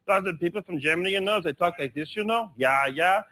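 A man doing rapid-fire comic accent caricatures. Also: sits high, sharp tone, voice pushed up, rough recording. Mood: jokey. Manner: rapid switches between put-on voices, jokey. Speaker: comedian. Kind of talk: stand-up accent impressions.

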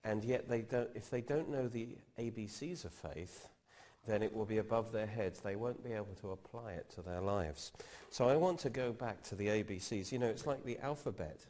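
A man's voice: fairly low pitch, normal speed, a little mellow. A man preaching a teaching sermon, explaining step by step and quoting scripture with rising emphasis.

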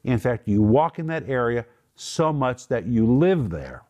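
A man's voice: mid-range voice, sing-song, measured pace, mellow. A middle-aged man teaching from the Bible on a television program, emphatic and explaining Greek words step by step.

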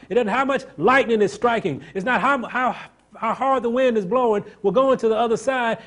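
A calm, drowsy man shaken awake in a storm, as a preacher puts him on, who rises into a high, husky, ringing insistence. His voice climbs well above its usual pitch as he presses his point, forceful and sure. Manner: drowsy and casual at first, then booming and insistent. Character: laid-back man woken in a storm, then forceful.

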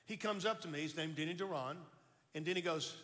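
An older man tells his testimony in a folksy, animated way, tripping over his own words as he goes. His voice sits a little high and sounds bright and forceful. Long reverb trails off each phrase, as from a large hall. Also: brisk. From Baton Rouge, Louisiana. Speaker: speaker giving testimony. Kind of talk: storytelling testimony.

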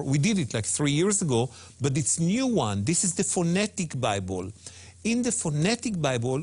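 A man with a slightly high voice, his pitch swinging widely as he talks. He is an emphatic guest teacher on a religious talk show who repeats phrases and draws Hebrew words out slowly. His delivery moves from quick bursts to careful, drawn-out stresses.

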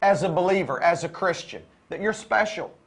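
A high-pitched man preaching about marriage with rising fervor, repeating phrases and pushing toward near-shouts. His voice sits well above the usual male range, and his delivery swings between quick runs and slow, stressed words. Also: animated, breathy edge. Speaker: co-host of a Christian marriage show. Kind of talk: preaching-style talk.

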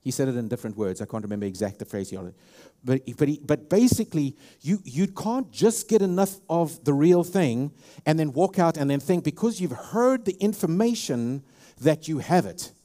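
A man's voice: a little high, big pitch swings, normal speed, mellow. A man with a South African accent preaching a sermon as a pastor, emphatic and full of restarts and repeated words. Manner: repetitive, emphatic, with many restarts.

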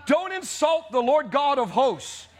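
A man preaching with a very high, bright voice that swings widely in pitch. He shouts with fiery outrage, and a congregation murmurs faintly behind him. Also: sing-song, a little slow, a crowd in the background, noisy background. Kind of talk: charismatic sermon.

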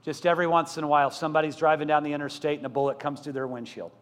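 A middle-aged man preaching a sermon as pastor, asking the congregation questions and building to loud, emphatic repetition. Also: fairly high pitch, level tone, rapid-fire. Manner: asks the congregation rhetorical questions. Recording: long church-hall reverb.

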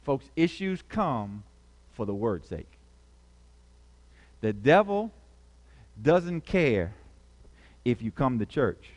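A man's voice: medium pitch, sing-song, takes it slowly, long pauses, a little mellow. Preacher man in a reverberant hall. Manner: call-and-response preaching, repeats key phrases. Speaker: pastor. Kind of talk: sermon.

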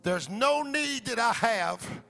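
Gravelly high-pitched shouting preacher. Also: male voice, animated, slow, faint music behind. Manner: swings from shouted, sung-out cadences to low hushed delivery. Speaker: pastor. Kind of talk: sermon.

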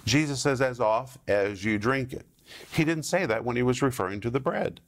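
A middle-aged man preaching a sermon, teaching verse by verse with slow, deliberate emphasis on key words. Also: medium pitch.

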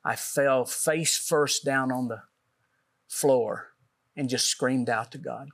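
A man tells the story of his own experience as a talk show guest. His telling is earnest, and he acts out the conversations he recounts. His voice sits at an ordinary middle pitch. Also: fairly even intonation, slow pace, a bit bright. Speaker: guest author. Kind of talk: personal testimony on a talk show.

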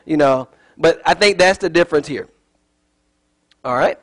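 A man's voice: on the high side, moderate pace, a bit bright, rough recording. A man giving a casual sermon as a Bible teacher, chatty and digressive, with joking asides.

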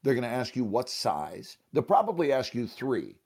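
A man of middle pitch tells a motivational story with emphatic energy. He swings his loudness up and down and slips into other people's voices to act out the scenes. He speaks as a guest sharing his own experience. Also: moderate pace, husky. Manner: emphatic, animated, acts out dialogue. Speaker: actor and teacher, guest.

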